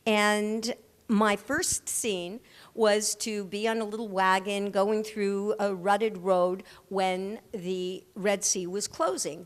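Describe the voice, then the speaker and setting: An older woman, an actress, telling lively anecdotes as the guest in a live stage interview, acting out the people she quotes. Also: mid-range voice, big-room sound. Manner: animated anecdote-teller who acts out the people she quotes. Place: large hall at a live audience event.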